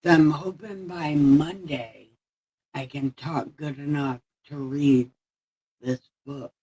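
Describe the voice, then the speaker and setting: A woman's voice: deep voice, fairly even intonation, slow, dark tone, slightly rough, poor audio. A woman hosting a livestream in casual chat, playful and rambling, repeating herself and laughing often. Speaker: livestream host.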